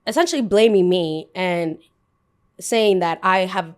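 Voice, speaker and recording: A woman's voice: on the low side, clear, resonant tone. Young woman telling a chatty storytime. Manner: animated retelling, full of "I was like" quotes, bursts of fast talk. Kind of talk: casual storytime vlog.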